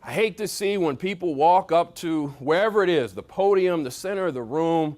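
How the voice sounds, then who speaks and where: A man giving a lively motivational talk to a workshop audience, coaching them with sports analogies, repetition and swings in loudness. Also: fairly high pitch, moderate pace. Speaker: speaker at a leadership workshop. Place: meeting room with audience.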